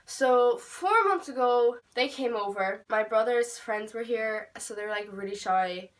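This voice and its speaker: A teenage girl with an Irish accent telling a storytime vlog, animated and swearing, full of "like" fillers. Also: mid-range voice, far from the mic, rough recording. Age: teens. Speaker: beauty vlogger.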